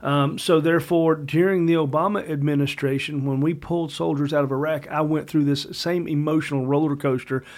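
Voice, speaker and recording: A man's voice: a little high, fairly even intonation, fairly quick, hardly any pauses. A man, a combat veteran co-hosting a podcast, talking with barely held anger and heat. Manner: angry, heated, emphatic. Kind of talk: casual podcast talk.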